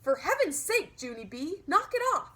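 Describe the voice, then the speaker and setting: Mother figure, stern and scolding, fairly high woman narrator doing it. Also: brisk, pushed and bright. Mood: exasperated. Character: exasperated mother, adult woman.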